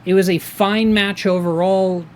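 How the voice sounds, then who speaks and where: A man reviewing a wrestling show in casual chat, excitable and rambling, with many fillers and restarts. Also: high-pitched, unhurried, slight background noise.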